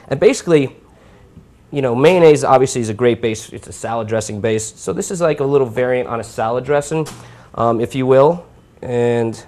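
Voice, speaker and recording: Casual male cooking-show host from New York, mid-pitched, talks loosely as he works the stove. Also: darkish tone. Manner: chatty, informal, talks while cooking. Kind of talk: live cooking demonstration. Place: home kitchen.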